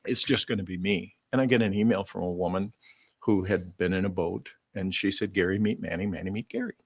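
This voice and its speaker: Gravelly older man telling stories. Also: low voice, brisk, dry recording. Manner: rambling, with frequent fillers and laughs. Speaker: guest bugler. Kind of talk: casual storytelling.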